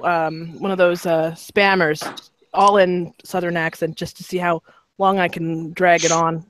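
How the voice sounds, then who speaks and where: A woman's voice: on the low side, level tone, measured pace, dry recording, rough recording. A woman chatting casually on a live stream, laughing often and telling stories. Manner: laughing storyteller who mimics voices. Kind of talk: casual chat.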